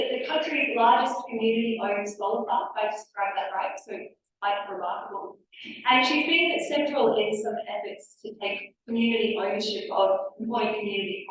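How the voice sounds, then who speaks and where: A woman's voice: on the high side, a little hiss or hum. A woman moderating a panel, thanking one speaker and introducing the next. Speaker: event moderator. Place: large hall with audience. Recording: echoey hall from far off.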